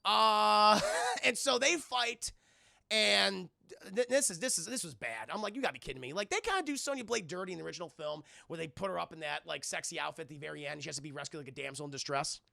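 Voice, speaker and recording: Gravelly, sarcastic man recapping a film. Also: high-pitched, expressive, a little fast, sharp tone, dry recording, studio quality. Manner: sarcastic, swears a lot, acts out scenes. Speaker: streamer reviewing a film for live chat. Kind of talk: casual profane film recap.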